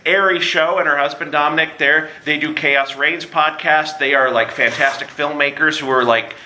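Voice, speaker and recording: A man hosting a live podcast at a convention, joking and plugging shows quickly with casual profanity. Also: on the high side, steady tone, bright, forceful tone. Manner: joking, rapid plugs with profanity. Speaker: podcast host. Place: convention room with audience. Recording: live room recording with background noise.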